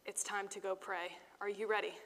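A woman's voice: mid-range voice, brisk, in a large hall, background noise. A young woman teaching children, acting out a Bible story with them in a playful, laughing way. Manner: playful, animated, laughing often.

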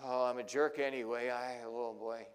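A man's voice: mid-range voice, steady tone, moderate pace, clean tone, close to an everyday voice. A man voicing a remorseful man who berates himself with sighs. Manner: self-reproaching, sighing. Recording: long hall reverb.

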